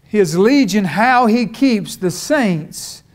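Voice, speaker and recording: Fervent high-voiced preacher man. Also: animated, slow. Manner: storytelling, folksy, rising to fervent. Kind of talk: sermon.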